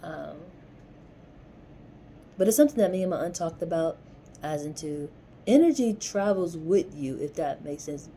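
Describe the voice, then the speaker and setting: A woman's voice: low voice, lively intonation, normal speed, long pauses, warm tone, a little hiss or hum. A young woman telling a personal story in a rambling, casual vlog style, dropping slang like "yo" as she goes. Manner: rambling, conversational, slangy with frequent "yo". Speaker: vlogger.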